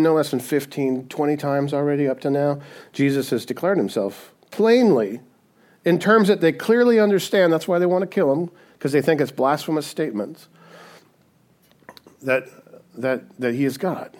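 A man preaching a sermon as pastor, casual and conversational, often asking "right?" and acting out quoted voices. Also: fairly high pitch. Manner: conversational, frequent "right?" tag questions; animated, acts out quoted voices.

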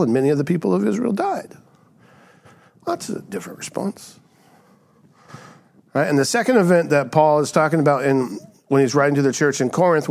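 A man's voice: medium pitch, vocal fry, a little mellow. Man preaching a conversational sermon. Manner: conversational preaching, frequent rhetorical "right?". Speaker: pastor.

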